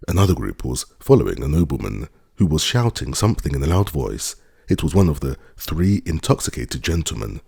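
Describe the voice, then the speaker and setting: A man narrating a classic novel as an audiobook in an expressive, measured reading. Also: extremely low pitch, creaky, slightly rough, no room sound, clean studio sound. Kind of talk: scripted narration.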